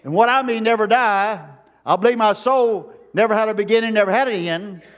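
A man with a high-pitched voice delivers a sermon from the pulpit. He hammers his points home with repeated phrases and reaches out to the congregation for amens. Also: a little fast. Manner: emphatic preaching with repeated phrases. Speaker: preacher.

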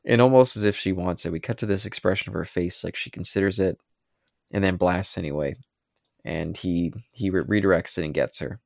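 A man's voice: low voice, normal speed, vocal fry, dry recording, studio quality. A man co-hosting a podcast, casually retelling episode scenes and briefly acting out the characters' lines. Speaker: podcast co-host. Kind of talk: casual recap chat.

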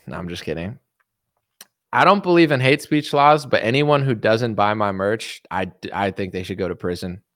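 A man's voice: on the low side, moderate pace, hardly any pauses, a bit bright, dry recording, clean studio sound. A young man hosting a casual livestream, rambling and sarcastic with lots of filler words while he reads viewer chats. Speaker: livestream host.

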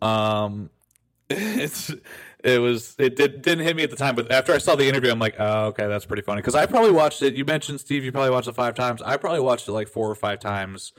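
A man's voice: mid-range voice, animated, fast talker. A man co-hosting a podcast in a casual, chatty way, often correcting himself mid-sentence. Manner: chatty, self-correcting, laughs easily. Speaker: podcast co-host. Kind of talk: casual chat.

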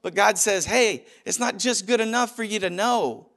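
A high-voiced man preaching to a congregation. He talks in a loose, conversational way, with animated stretches and sudden quiet, gentle asides. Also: moderate pace. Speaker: pastor. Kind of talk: sermon.

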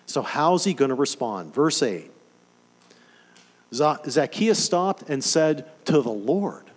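A man delivering a sermon in a fairly high voice that swings widely in pitch. He preaches with emphatic, animated conviction and keeps asking his congregation questions. The sound carries a long hall reverb. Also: slow, husky.

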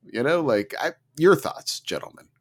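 A man co-hosting a casual gaming podcast, talking with big excited swings in his voice. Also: moderate pace. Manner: animated, swings pitch sharply when excited. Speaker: podcast co-host. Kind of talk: casual chat.

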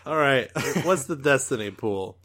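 A man runs a tabletop role-playing game, narrating and bantering in a relaxed way. His pitch moves lively across his sentences. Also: unhurried. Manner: relaxed, joking with his brother. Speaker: game master.

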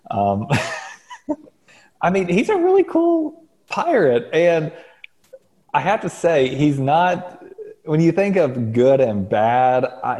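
A man co-hosting a podcast in easy, casual chat. He rambles and hedges, stopping often with fillers, and his pitch moves widely as he talks. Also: dark tone. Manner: rambling, hesitant, lots of fillers. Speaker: podcast co-host.

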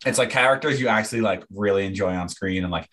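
A man's voice: fairly low pitch, quick pace, fairly bright tone. A young man co-hosting a casual fan chat, rambling with fillers and restarts. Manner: rambling, many fillers and restarts, laughs often. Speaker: podcast co-host.

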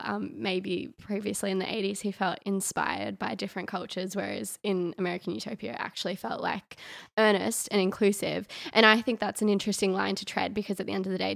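Female co-host, mid pitch, heavy vocal fry, earnest and thoughtful. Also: little pitch movement, a little fast, fairly bright tone. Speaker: podcast co-host. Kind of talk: casual chat.

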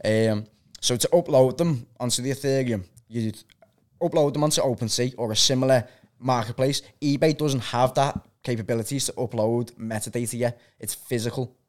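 A man with a Liverpool accent talks in a relaxed podcast conversation. He explains step by step, running on and going off on tangents, at a middling pitch. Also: normal speed. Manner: explains at length, self-taught enthusiast. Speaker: guest explaining crypto tokens. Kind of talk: casual podcast chat.

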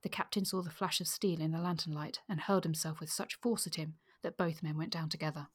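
A woman's voice: low voice, quick pace, breathy edge. A woman co-hosting a book podcast, discussing a novel and reading a passage aloud. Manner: fillers, lively when excited. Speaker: podcast co-host.

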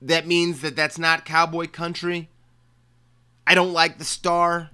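A sports podcast host from Maryland, USA, gives casual football picks, tossing in joking asides and repeated phrases. His voice is a little high, bright and smooth, with a forceful tone.

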